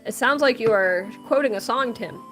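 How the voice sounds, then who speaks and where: A young woman with a fairly high voice chats casually to her livestream viewers. She reads chat aloud, laughs often and tells stories animatedly. Soft music plays faintly behind her. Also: moderate pace. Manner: animated storytelling with big pitch jumps in quotes. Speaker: livestream host and artist.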